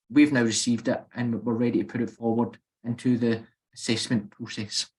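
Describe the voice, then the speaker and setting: A man's voice: medium pitch, low-quality recording. A man with a Scottish accent hosting a workshop, earnest, restarting phrases to stress points. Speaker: workshop host. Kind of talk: webinar explanation.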